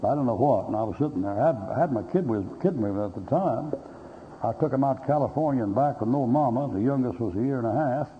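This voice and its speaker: A man's voice: mid-range voice, fast talker. A male pastor preaching a sermon, telling folksy stories with blunt humor and acting out both sides of conversations. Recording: dull lo-fi recording with faint hiss.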